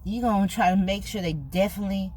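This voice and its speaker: A woman's voice: mid-range voice, fast talker, a little mellow, slight background noise. An older woman with a Californian accent talking earnestly to camera in a vlog, slangy and emphatic, getting choked up. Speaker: food vlogger. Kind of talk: casual heartfelt talk to camera.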